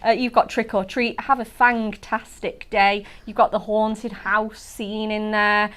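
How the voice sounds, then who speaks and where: On a craft TV program, a female host gives a gushing product demo, full of gasps, praise and "so cute". Oddly, her medium-pitched, fairly bright voice has a flat delivery and a slightly slow pace.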